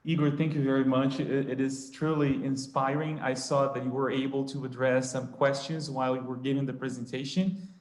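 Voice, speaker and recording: A man's voice: mid-range voice, flat delivery, moderate pace, a little mellow. Male moderator, polite and formal, video-call audio with room echo. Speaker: event moderator. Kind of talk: online event moderation.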